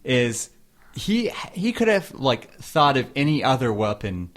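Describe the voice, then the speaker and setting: A man co-hosts a casual podcast, his voice rising and falling in a lively way. He gives laid-back commentary sprinkled with swearing and quick laughs. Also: mid-range voice. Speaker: podcast co-host. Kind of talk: casual chat.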